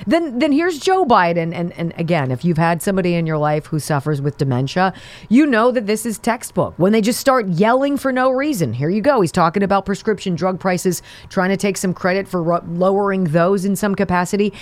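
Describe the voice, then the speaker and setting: A woman's voice: medium pitch, expressive, a little fast. A woman hosting a political talk show, delivering sarcastic, mocking commentary.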